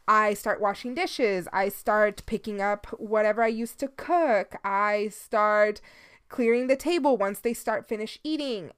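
Woman podcast host, thirties, candid confessional chat, swears, sleepy, mid pitch. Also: smooth. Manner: drops into Spanish phrases. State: sleepy, yawning. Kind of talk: casual solo podcast monologue.

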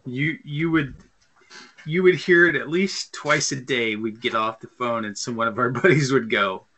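A man in his thirties co-hosts a laid-back podcast that feels like a chat over beer, spinning long, wandering stories full of fillers and restarts. His voice is medium-pitched, moderately paced, pushed, and bright.

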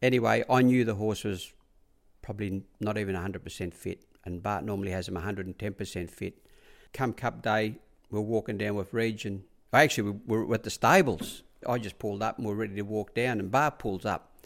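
A man's voice: lowish voice, brisk, gravelly. A middle-aged Australian man, a former track rider, telling rambling stories in a casual interview, acting out what others said and repeating "I said" often. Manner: rambling anecdotes, acts out quoted dialogue, repeats "I said".

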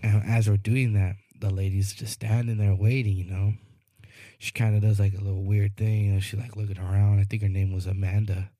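Rambling low-voiced man telling a story. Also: flat delivery, fairly quick, dark tone, no room sound, clean studio sound. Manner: rambling, repeats "you know what I mean", acts out quoted people. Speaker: podcast co-host. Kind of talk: casual storytelling chat.

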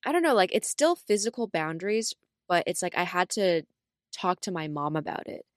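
A young adult woman co-hosting a podcast in casual chat, full of fillers like "like" and "right?", telling stories with lively acted-out quotes. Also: normal speed, no echo, studio quality. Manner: animated storyteller, acts out quotes with big pitch jumps. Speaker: podcast co-host.

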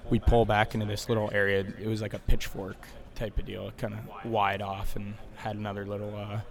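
A man's voice: on the low side, level tone, a little fast, vocal fry. A man in his twenties telling a long story in a casual, laid-back way, often laughing as he talks.

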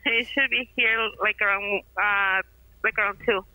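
A woman's voice: medium pitch, steady tone, measured pace, sharp tone. A woman working as a store clerk, answering a caller's questions helpfully with lots of fillers, heard over a phone line.

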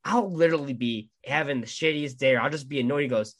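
Man, podcast co-host, expressive and profane, quick to act out quotes. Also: mid-range voice. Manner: animated, profane, acts out quoted reactions. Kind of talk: casual movie chat.

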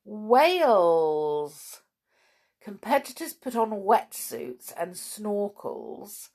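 A woman's voice: mid-range voice, a little mellow. A woman hosting a children's podcast, chatting playfully to young listeners with lots of exclamations.

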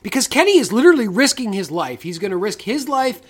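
A man co-hosting a podcast in casual chat, animated and jokey, with free swearing. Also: sits high, quick pace. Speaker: podcast co-host.

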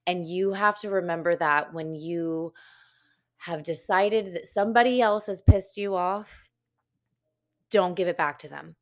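A woman's voice: fairly low pitch, unhurried. A woman guest on a podcast, talking casually, hesitant with many ums and trailing thoughts.

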